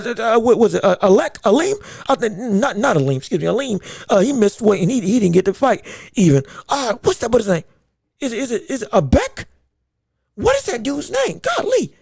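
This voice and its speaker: A man hosting a casual boxing podcast. He talks in an animated way, laughs a lot and often repeats his words. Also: extremely high pitch, creaky, dry recording, studio quality. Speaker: podcast host.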